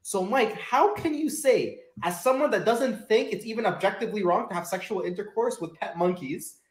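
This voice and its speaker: A man's voice: sits high, moderate pace, roomy sound. A man in a played clip, challenging someone with pointed questions. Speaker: religious TikToker.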